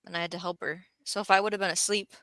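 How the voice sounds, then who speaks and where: Bright giggly woman chatting. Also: lowish voice, racing, dry recording. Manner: giggly, animated. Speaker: guest. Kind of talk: casual chat.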